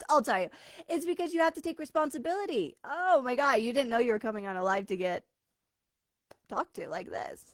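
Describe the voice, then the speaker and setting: Woman spiritual coach, higher voice, dry close sound; emphatic and blunt, keeps checking in with viewers on a live stream. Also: no room sound. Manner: casual and blunt, swears now and then.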